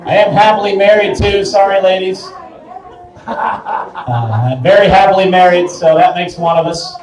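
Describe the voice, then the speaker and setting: A man's voice: sits high, lively intonation, normal speed, over music, crowd noise. A young man doing a crude, self-mocking stand-up set in a small bar. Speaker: stand-up comedian. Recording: echoey bar from far off.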